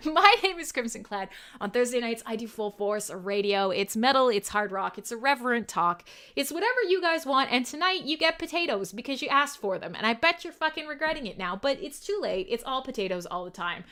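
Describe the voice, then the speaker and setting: A woman's voice: on the high side, expressive, brisk, bright, forceful tone. A young adult woman hosting a live metal radio show, chatting irreverently with listeners, swearing and laughing often.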